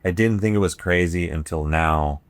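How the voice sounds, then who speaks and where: A man from rural Ohio, a podcast guest, speaking in a halting, reflective way with many fillers. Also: low-pitched, smooth. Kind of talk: reflective casual chat.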